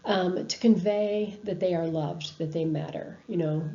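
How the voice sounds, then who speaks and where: A woman's voice: fairly low pitch, unhurried, hardly any pauses, warm tone, lo-fi sound. A woman giving a recorded university lecture over slides, talking in a conversational way with frequent ums and restarts. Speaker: university instructor.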